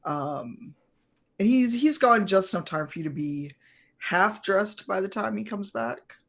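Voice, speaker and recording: Gm rambling through a tabletop scene, lots of um and like, middle pitch. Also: animated, measured pace, a bit bright. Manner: rambling, many fillers and restarts. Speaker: game master. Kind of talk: narrating a tabletop game.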